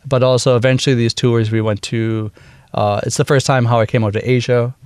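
A man in his thirties from Wisconsin with a Midwestern American accent, talking casually as a guest in a radio interview, relaxed and full of fillers. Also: medium pitch, fairly quick, clear, resonant tone, dry recording. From Wisconsin, USA. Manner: relaxed, chatty, laughs easily, many fillers. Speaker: bandleader and woodwind player, guest.

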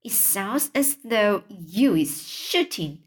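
Woman reading as a big gentle old giant. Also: medium pitch, sing-song, slightly rough, exaggerated voice. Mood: pleading. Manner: slow storybook reading of a giant's lines. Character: huge kindly old male giant, gentle, mangled grammar. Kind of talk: reading a children's book aloud.

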